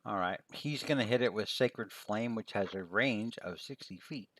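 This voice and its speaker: Male player, low voice, dry and close, quiet laid-back manner. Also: normal speed, no room sound. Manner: quiet and laid-back, narrates his character in third person. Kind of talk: playing a tabletop game over voice chat.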